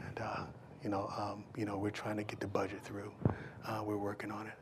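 A preacher putting on the voice of a soft-spoken police chief who mumbles in a near-whisper full of halting fillers. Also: male voice, lowish voice, completely flat delivery, slight background noise, pitched below the performer's own voice, lightly acted. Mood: murmuring.

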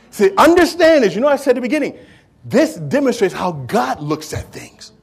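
A man's voice: extremely high pitch, very animated, normal speed, vocal fry, breathy edge. A man preaching a sermon in an emphatic, repetitive way, with conversational, streetwise phrasing.

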